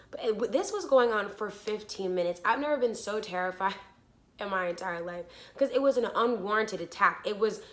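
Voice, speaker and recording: A woman's voice: mid-range voice, fairly bright tone. A young woman vlogger animatedly retelling a frightening story, swearing freely and talking breathlessly. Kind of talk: storytime vlog.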